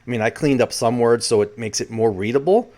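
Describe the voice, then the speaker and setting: A man's voice: mid-range voice, a little fast, mellow. Rambling man giving casual commentary. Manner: rambling, self-correcting, many restarts. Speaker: channel host. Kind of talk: casual spoken commentary reading out a transcript.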